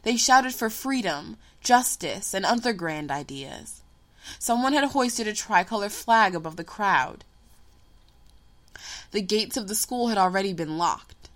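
Slow, measured woman storyteller. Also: medium pitch, animated, a bit bright. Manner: measured, unhurried reading. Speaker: narrator. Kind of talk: storybook narration.

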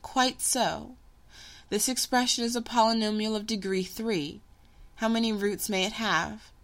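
A woman reading a story, voicing a patient, wise, magical female teacher who teases gently. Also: fairly high pitch, unhurried, voice pushed up. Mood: patient, teasing. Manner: calm, gently teasing teacher.

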